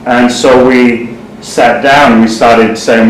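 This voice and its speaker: A man telling a personal story to a group at an unhurried pace, with frequent "um"s. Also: medium pitch. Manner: steady storyteller, many ums. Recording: roomy, distant mic, faint noise.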